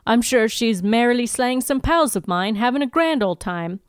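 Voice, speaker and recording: A sardonic, laid-back vampire, read out by a woman recapping a show drops his lines in a dry, offhand way. The voice is smooth and clear. It sits close in a dry room. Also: a little high, lively intonation, moderate pace, no room sound, natural voice.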